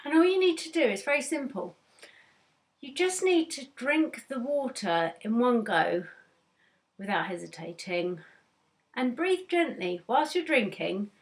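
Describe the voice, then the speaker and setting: A woman's voice: on the high side, animated, unhurried. A woman vlogger with hiccups, chatting casually and a bit hesitantly, with some laughs, while explaining a home remedy. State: has hiccups. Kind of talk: casual how-to chat.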